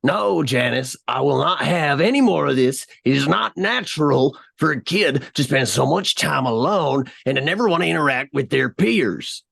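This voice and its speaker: This is a contemptuous, cursing father figure from a tabletop game story, voiced by a woman. He sounds gravelly and low. His pitch swings widely as he spits out his complaints. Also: animated, moderate pace, few pauses, fairly bright tone, no echo, studio quality, full character voice. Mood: angry. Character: angry bitter male foster father.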